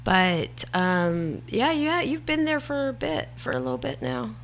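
A young woman co-hosting a podcast in relaxed, casual chat. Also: medium pitch, a little slow, slight background noise. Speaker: podcast co-host.

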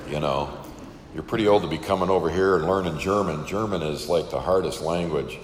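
A man's voice: deep voice, brisk, roomy sound, long reverb tail, a little hiss or hum. An older man who is a missionary, casually telling a story to an audience and acting out the dialogue. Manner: casual, chatty, acts out quoted dialogue.

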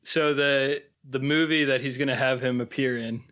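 A man's voice: medium pitch, steady tone, moderate pace, a bit bright. A man co-hosting a movie podcast, telling rambling personal anecdotes with lots of fillers. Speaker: podcast co-host. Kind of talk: casual movie discussion.

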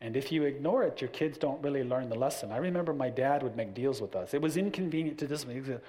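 A man's voice: medium pitch, quick pace. A middle-aged man talking casually about raising children, acting out little family scenes as he goes. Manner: animated, acts out little scenes with family voices. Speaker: parent giving parenting advice. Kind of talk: casual talk.

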